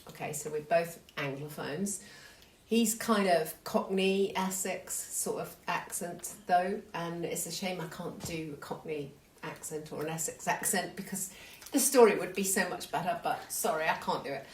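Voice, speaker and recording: A woman telling a true story to an audience in an unhurried, conversational, self-deprecating way. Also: on the low side. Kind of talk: live storytelling. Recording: echoey hall, distant mic, faint noise.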